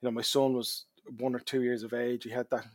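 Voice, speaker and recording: Animated Irish man telling a story. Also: medium pitch, brisk, no room sound. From Ireland. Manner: animated storyteller, drops to a near-murmur at quiet moments. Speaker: charity hike organizer, guest. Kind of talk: storytelling in a podcast interview.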